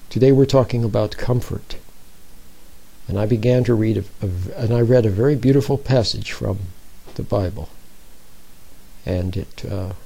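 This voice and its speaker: A man's voice: on the low side, normal speed, vocal fry, mellow, breathy edge, rough recording. A man giving an informal, conversational sermon, often checking in with his listeners. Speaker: speaker giving a Bible talk.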